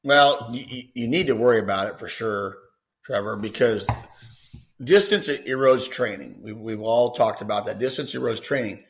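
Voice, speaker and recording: Male dog trainer guest on a podcast, talks loosely, repeats himself, mid-pitched everyday voice. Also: normal speed, creaky. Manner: rambling, repeats words, conversational. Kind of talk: podcast Q&A answer.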